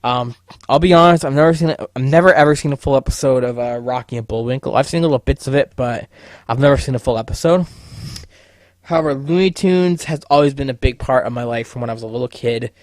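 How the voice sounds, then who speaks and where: A young man hosts his own casual solo podcast, venting in a loose rant packed with swearing. He speaks a little fast at an ordinary pitch, often stammering and restarting sentences, recorded dry and close with no echo.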